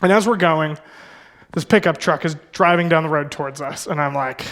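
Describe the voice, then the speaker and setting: High-voiced young pastor telling a story. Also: male voice, normal speed, a bit bright. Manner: conversational, with many fillers and self-corrections. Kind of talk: sermon with personal storytelling. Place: church.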